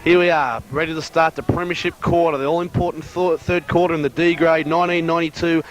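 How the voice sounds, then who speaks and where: A man giving brisk play-by-play commentary on an amateur football match. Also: a little high, fairly even intonation.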